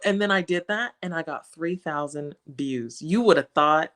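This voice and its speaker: A woman from West Africa talking as a guest in a casual interview, animated and laughing often. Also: sits low, a little fast, few pauses. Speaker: guest, social media creator.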